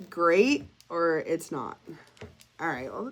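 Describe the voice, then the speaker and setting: A woman's voice: lowish voice, normal speed, background noise. A woman narrating a DIY craft project in a casual, chatty, self-deprecating way, thinking aloud as she works and sniffling a little. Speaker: craft vlogger.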